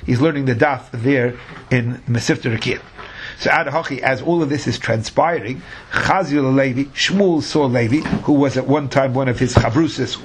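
A man's voice: mid-range voice, slight background noise. A man teaching a Talmud class, reading the Aramaic phrase by phrase and explaining each in English.

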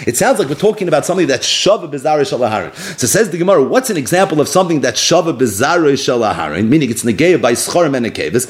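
A man teaching a Talmud class, explaining the text and retelling its story in an animated way. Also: a little high. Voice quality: animated, sometimes laughing as he explains.

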